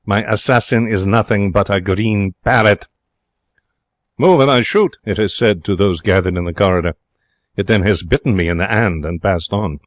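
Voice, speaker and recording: An actor playing an excitable young Frenchman in a radio drama, speaking broken English in a French accent with theatrical, emotional delivery. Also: fairly low pitch, moderate pace, no echo, studio quality, lightly acted. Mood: wistful. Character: young excitable romantic Frenchman, former hotel cashier. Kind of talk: 1940s radio drama narration.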